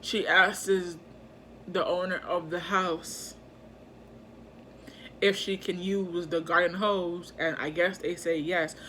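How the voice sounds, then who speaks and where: A young woman telling a storytime to her viewers, chatty and animated, loaded with slang and "like." Her voice sits a little low but sounds bright and sharp. Faint background noise sits under the recording. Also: takes it slowly, pauses often. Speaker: vlogger. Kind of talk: casual storytime.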